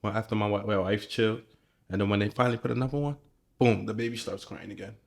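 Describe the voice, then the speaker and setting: A young man co-hosting a podcast, telling a story in casual chat, animated and excited, with lots of restarts. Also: lowish voice, quick pace, vocal fry. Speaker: podcast co-host.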